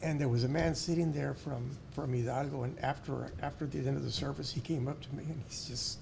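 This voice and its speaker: A man's voice: mid-range voice, fairly even intonation, a little fast, vocal fry, background noise. A man, a pharmacy owner and school board member, talking earnestly in a casual interview and often restarting his words.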